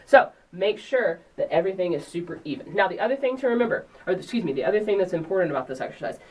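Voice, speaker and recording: A woman drum teacher giving a relaxed, encouraging instructional lesson in a percussion studio and counting beats aloud. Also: lowish voice, distant mic, poor audio.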